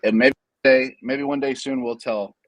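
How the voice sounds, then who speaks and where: A male host chats casually on a trading show, joking and stumbling through repeated restarts. His voice sits at an ordinary middle pitch. It is recorded close and dry. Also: fairly even intonation, normal speed, no echo.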